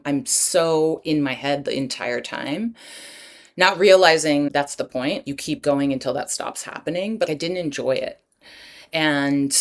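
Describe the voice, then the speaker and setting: Low-voiced candid woman telling her story. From Los Angeles area, United States. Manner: candid and animated, acts out her own past dialogue. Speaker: podcast guest, writer and breathwork teacher. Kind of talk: candid storytelling in a podcast interview.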